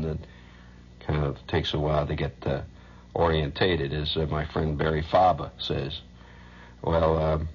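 A man's voice: a bass voice, breathy edge, dull audio. A man hosting a radio show, rambling through a loose monologue, chuckling often and humming nonsense syllables. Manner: rambling, chuckling, hums sing-song nonsense. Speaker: radio host.

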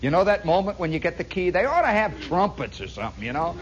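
A man telling a long story in a rambling, animated way, full of asides. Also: high voice, fast, a little hiss or hum, low-quality recording. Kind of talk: spoken storytelling monologue.

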